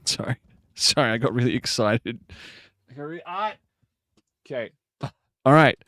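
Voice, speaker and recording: A man streaming a word game live, muttering guesses to himself with sudden excited outbursts. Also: mid-range voice, moderate pace, no room sound, studio quality.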